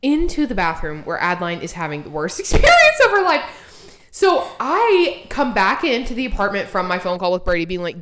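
A young woman co-hosting a podcast, telling a wild party story in profane, animated casual chat and acting out quotes. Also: mid-range voice, fairly quick. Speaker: podcast co-host.

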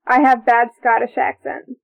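A chatty, excitable woman co-host reacts to a film and reads out her notes. Her voice sits fairly high with a gravelly fry. The sound is thin and tinny, like a phone line. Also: moderate pace. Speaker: podcast co-host. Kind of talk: casual movie-watching chat.

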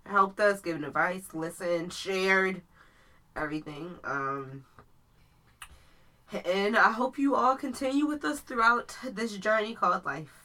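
A woman co-hosting a podcast in casual chat, soft-spoken and affirming, laughing often. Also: mid-range voice, measured pace. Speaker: podcast co-host.

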